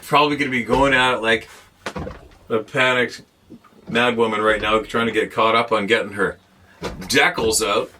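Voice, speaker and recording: A man's voice: on the low side, steady tone, normal speed, pauses often, bright, forceful tone, slight background noise. A man hosting his show, ranting bluntly and with plenty of swearing, talking from a boat. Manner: blunt, profane and exasperated. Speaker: host. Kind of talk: ranting monologue to camera.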